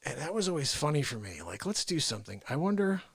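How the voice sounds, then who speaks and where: A man hosting a live stream, his pitch leaping all over as he talks. The sound is dry and close, like a webcam mic in a small room. He jumps from banter with viewers into impressions and back. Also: sing-song, fast, slightly rough, no echo. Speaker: live-stream variety show host.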